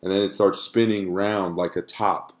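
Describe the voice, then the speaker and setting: A man's voice: low-pitched, steady tone, normal speed. A man teaching an online course to camera in a casual, conversational way, often checking in with "right?" and using fillers.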